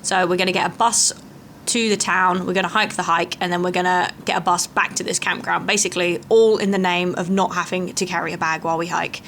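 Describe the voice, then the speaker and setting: A woman's voice: fairly low pitch, steady tone, fairly quick, a bit bright, a little hiss or hum. A young woman vlogging a hiking trip, chatting casually and poking fun at herself. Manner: chatty, self-mocking. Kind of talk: casual travel vlog chat and voice-over.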